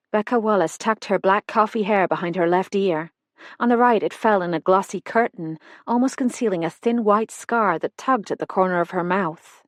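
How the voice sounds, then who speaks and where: Woman narrator, audiobook, first person, measured, dry close sound. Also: mid-range voice, no echo.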